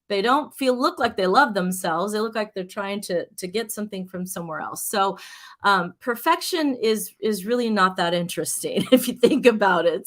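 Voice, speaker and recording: Bright-voiced woman giving a chatty self-help talk. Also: medium pitch. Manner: encouraging, chatty, many fillers and restarts; acts out gentle self-talk in quotes. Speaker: hypnotherapist.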